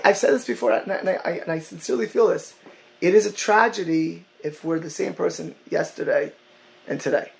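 A man teaching a Torah class over a call, talking in halting bursts, often repeating words and mixing in Hebrew and Yiddish terms. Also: high-pitched, creaky, a little mellow, low-quality recording.

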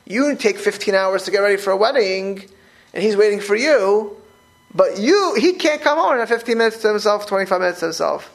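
High, gravelly-voiced rabbi. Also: male voice, a little fast. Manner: rambling, repetitive, animated storytelling with restarts. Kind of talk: informal Torah talk.

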